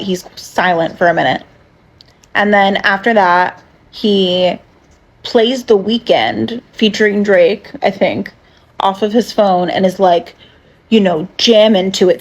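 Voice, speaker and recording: A young woman casually recounting a date in a sardonic, deadpan way, full of fillers. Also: mid-range voice. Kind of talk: casual storytelling to camera.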